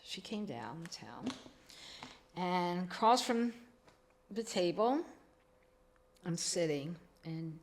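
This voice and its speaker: A woman's voice: fairly low pitch, animated, slow, pauses often. A middle-aged woman, telling her own recovery story as a podcast guest, acting out the dialogue she quotes.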